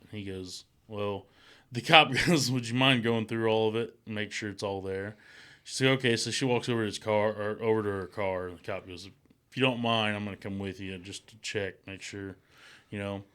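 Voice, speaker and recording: Guy with a slight twang rambling thru a story, bright crisp voice, cussing a lot. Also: on the low side. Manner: rambling, acts out quotes in raised voices, swears. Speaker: podcast co-host. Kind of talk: casual storytelling chat.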